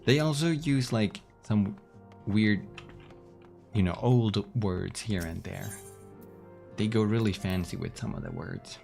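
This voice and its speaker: Male streamer, low gravelly voice, casual commentary, faint game music under it. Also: a little slow, long pauses, darkish tone. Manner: self-deprecating asides.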